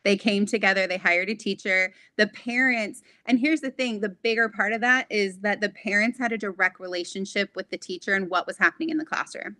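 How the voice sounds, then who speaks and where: A woman's voice: medium pitch, fairly even intonation, a little fast, few pauses, bright, forceful tone, no room sound. A woman guest in an interview, speaking earnestly and articulately and building her points as lists. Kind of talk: interview conversation.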